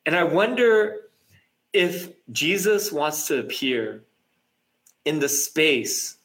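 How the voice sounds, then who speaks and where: A man delivers a reflective sermon at an unhurried pace. His voice sits slightly high, and he often restarts phrases and repeats words as he works through a thought. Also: very animated, a bit bright. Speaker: pastor. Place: apartment.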